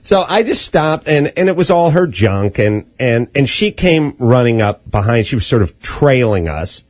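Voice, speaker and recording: A man's voice: mid-range voice, very animated, normal speed, no room sound. A middle-aged man hosting a podcast, telling a casual story in a wry, profane way and acting out the voices of the people in it. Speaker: podcast host.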